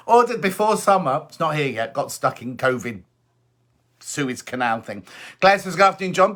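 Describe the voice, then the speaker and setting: A man's voice: fairly high pitch, pushed and bright. A middle-aged man hosting a casual live stream, chatty and teasing as he reads out viewers' messages. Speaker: host.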